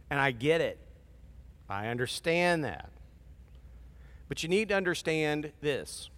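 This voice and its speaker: A man's voice: a little high, pushed and bright. A pastor preaching a sermon in a casual, conversational way, acting out voices as he goes. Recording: long reverb of a large hall.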